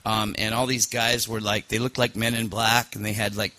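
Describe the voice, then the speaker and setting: A man's voice: on the low side, little pitch movement, normal speed, sharp tone. A man hosting a podcast, telling a personal story casually, rambling with fillers and restarts. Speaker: podcast host.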